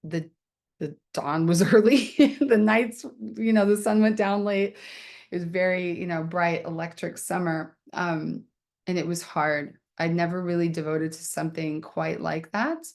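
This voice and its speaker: A woman's voice: on the low side, steady tone, a little slow, a little mellow. A woman poet hosting her book launch on a video call, talking casually and candidly with lots of fillers and laughter. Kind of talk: casual chat.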